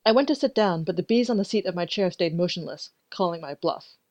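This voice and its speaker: A woman narrating a first-person story in an even, measured way. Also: lowish voice, dry recording. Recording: dry, dull lo-fi recording.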